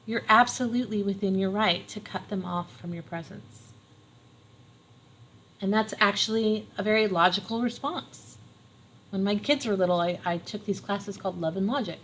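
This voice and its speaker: A woman's voice: mid-range voice, moderate pace, fairly bright tone, a little hiss or hum, poor audio. A middle-aged woman giving a casual tarot reading, earnest and encouraging, repeating phrases for emphasis. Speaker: tarot reader.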